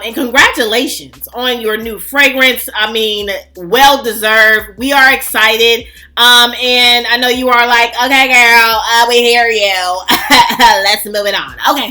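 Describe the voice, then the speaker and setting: Brief: high, bright woman, animated gushing vlog host, faint music under. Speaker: fragrance channel host. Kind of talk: casual chatty vlog.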